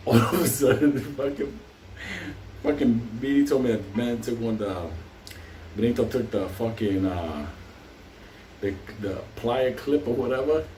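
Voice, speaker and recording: A man's voice: medium pitch, measured pace, pauses often, mellow. Profane storytelling man, echoey distant mic. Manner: profane, rambling, laughs often. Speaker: host. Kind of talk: casual storytelling. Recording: roomy, distant, faint hiss.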